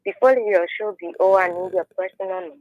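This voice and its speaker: A woman's voice: medium pitch, fairly even intonation, fast, no echo, dull audio. A woman calling a radio show, matter-of-fact and guarded. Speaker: caller.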